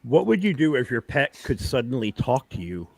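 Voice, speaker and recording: A man's voice: mid-range voice, very animated, moderate pace, vocal fry, darkish tone, no echo. A man co-hosting a podcast, asking questions and chatting in an easygoing, profane way. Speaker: podcast co-host. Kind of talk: casual chat.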